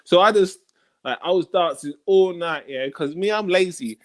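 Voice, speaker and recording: A man's voice: high voice, normal speed. A man performing stand-up comedy, telling a story in a casual, slangy way and often ending lines with "yeah?" or "you know?". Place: comedy gig stage.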